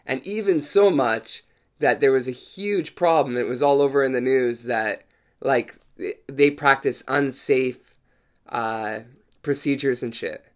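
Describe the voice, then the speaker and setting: A young man from Denmark telling a casual, profane story rant, animated and mocking as he talks. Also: medium pitch, measured pace. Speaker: vlogger telling personal stories.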